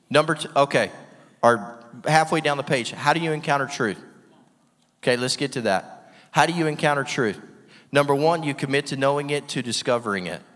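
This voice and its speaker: A man's voice: mid-range voice, a bit bright. A man preaching a sermon with energy and emphasis, asking the room rhetorical questions and laughing often. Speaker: guest preacher. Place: church hall with long reverb. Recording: reverberant church hall.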